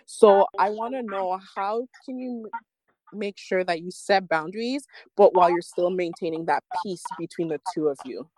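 Low-voiced affirming woman host. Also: a little mellow, no room sound. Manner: affirming, measured, reflective questions. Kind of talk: interview podcast.

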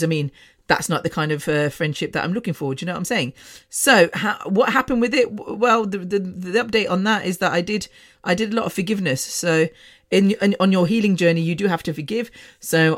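A middle-aged woman hosting her own podcast, talking in a candid, rambling way with many restarts and sighs. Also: low-pitched. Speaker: podcast host. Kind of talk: casual solo podcast monologue.

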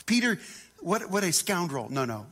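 A man preaching a sermon as a pastor, animated and dramatic, acting out scripture voices and dropping to hushed tones. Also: high-pitched, moderate pace. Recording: long hall reverb.

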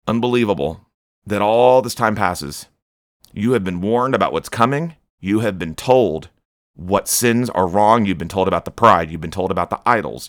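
A man's voice: low voice, a bit bright, no room sound, clean studio sound. A man preaching a stern, scolding sermon on his podcast, rebuking his listeners.

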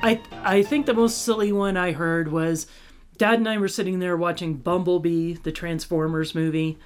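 A woman's voice: fairly low pitch, steady tone, moderate pace, soft background music. A woman, hosting a podcast in casual chat and laughing often. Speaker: podcast host.

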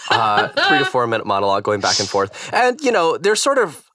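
A man in his thirties, a stage actor and guest, telling a story casually with lots of fillers and restarts in a naturally low voice. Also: huge pitch swings, a little fast, bright, forceful tone. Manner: rambling, hesitant, many fillers and restarts.

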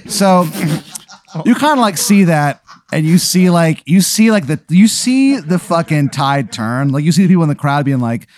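A man's voice: a little high, animated, normal speed, few pauses, a little mellow. A man improvising an absurd second-person story, rambling and profane with many fillers. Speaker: comedy podcast host.

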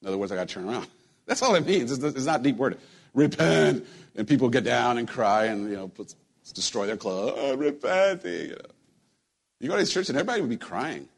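Husky-voiced pastor preaching casually. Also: male voice, medium pitch, big pitch swings, fast talker. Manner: conversational preaching, joking with the congregation, repeats words. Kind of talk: sermon. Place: church sanctuary.

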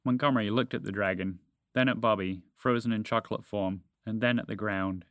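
A man narrating a children's storybook in a calm, even reading manner. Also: lowish voice, a little fast, no room sound, clean studio sound.

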